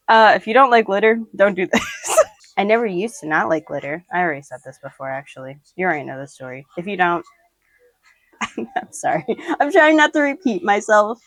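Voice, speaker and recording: A woman's voice: mid-range voice, dry recording. A young woman chatting casually through a makeup tutorial at home, rambling, giggling and swearing offhandedly while talking to the camera. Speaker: makeup vlogger.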